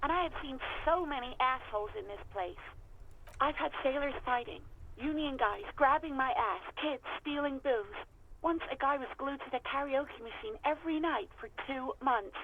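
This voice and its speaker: A worn-out young former hotel clerk, speaking bluntly and with plain exasperation. Her voice sits a little high and comes through dull, lo-fi game audio with a faint hiss behind it. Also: normal speed. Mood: exasperated.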